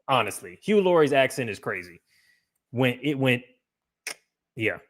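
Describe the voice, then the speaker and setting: A man's voice: medium pitch, very animated, measured pace. A man hosting a livestream podcast, talking casually in a loose, profane, rambling way with frequent restarts. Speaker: podcast host.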